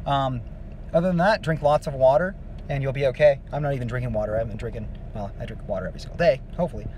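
A man explains singing technique in a loose, rambling way, his voice sitting at an ordinary middle pitch. Faint noise hums behind him as he talks through his lesson. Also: rapid-fire. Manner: relaxed, rambling explanation with many fillers. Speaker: vocal coach. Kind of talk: casual singing lesson with demonstrations.

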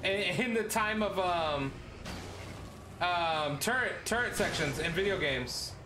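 Young streamer guy with a high lively voice, game audio loud behind him, roomy room. Good for excitable let's play banter. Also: slow pace, noisy background. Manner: excitable, swears, laughs often. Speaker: gaming streamer.

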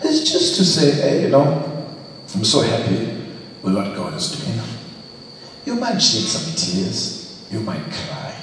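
A man preaching a lively church sermon, exclaiming and teasing his congregation. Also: medium pitch, slow pace, pauses often. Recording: echoey hall, distant mic, faint hiss.

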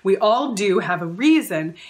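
A woman's voice: mid-range voice, lively intonation, measured pace. A woman counsellor giving an earnest advice talk, stringing together lists of repeated phrases. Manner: acts out quoted remarks in shifted voices.

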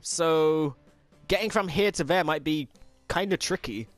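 A young man giving let's play commentary, frustrated and swearing, yelling at the game. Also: on the high side, unhurried, no echo, faint music behind. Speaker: gameplay commentator.

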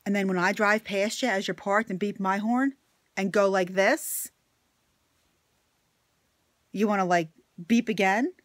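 A woman ranting straight to her viewers in a blunt, profane monologue. She swears freely and swings between loud outbursts and quiet, muttered asides. Her voice sits at a middle pitch and sounds dry and close, with no room echo. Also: measured pace, long pauses. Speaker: vlogger.

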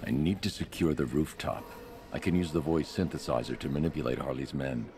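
A grim vigilante, extremely deep. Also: male voice, brisk, over music. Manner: terse, flat, matter-of-fact. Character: grim stoic male masked vigilante.

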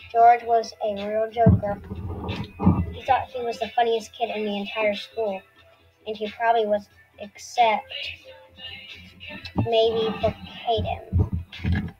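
A woman's voice: a little high, a little mellow, highs cut off. A woman reading a children's chapter book aloud, stumbling and restarting now and then, with a few stray asides. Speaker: reader.

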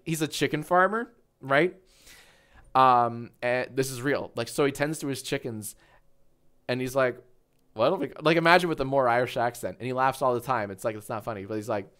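A man's voice: medium pitch, fairly bright tone, clear, resonant tone. A man in his thirties chatting casually on a livestream, telling a story with swearing and frequent laughter. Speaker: streamer.

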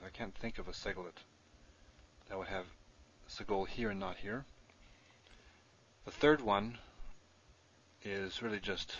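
Low-voiced man teaching a grammar lesson. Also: fairly bright tone, lo-fi sound, slight background noise. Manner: explains step by step while writing on screen. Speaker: Hebrew teacher.

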